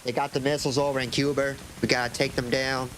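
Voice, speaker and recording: A man's voice: mid-range voice, level tone, quick pace, fairly bright tone, a little hiss or hum, natural voice, rough recording. A man doing a Boston-accented 1960s president. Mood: declaiming. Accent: Boston (put on). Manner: speech-like, declaiming.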